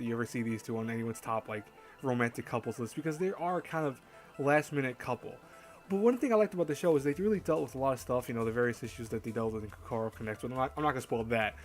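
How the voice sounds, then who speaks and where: A man talks through an anime countdown in a loose, chatty way, often stopping to correct himself and laughing at his own slips. His voice sits in a middle pitch, with soft music faint behind him. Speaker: host. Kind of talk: casual anime list commentary.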